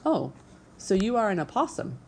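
A woman voicing a calm, literal-minded female robot who speaks flatly and precisely. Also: mid-range voice, moderate pace, a little hiss or hum, voice pushed up. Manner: flat, precise and unemotional.

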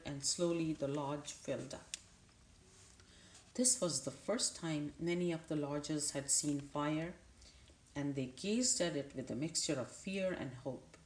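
A woman narrating a children's novel aloud in a measured, unhurried way, with a few small restarts. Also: sits low, darkish tone, reverberant, a little hiss or hum. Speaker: audiobook narrator. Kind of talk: storybook read-aloud.

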